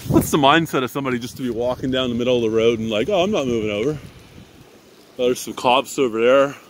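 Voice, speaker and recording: Riding through winter traffic, a Canadian vlogger records a casual ride-along on a handheld phone, a bit breathless as he rants and curses to his audience. His voice sits at medium pitch, moving at a moderate pace with long pauses, over slight background noise.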